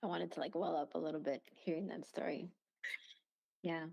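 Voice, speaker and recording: A woman on a radio chat show responding reflectively and softly to a story. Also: low-pitched, fairly even intonation, moderate pace, gravelly, breathy edge, dry recording, dull audio. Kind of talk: casual chat.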